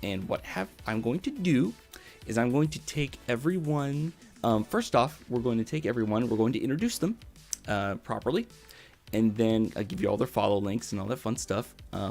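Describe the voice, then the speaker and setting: Here the young VTuber streamer sounds fairly low-pitched, creaky and a little mellow. He's in excited live-chat mode, pouring out thanks to his viewers with plenty of fillers and repeated words.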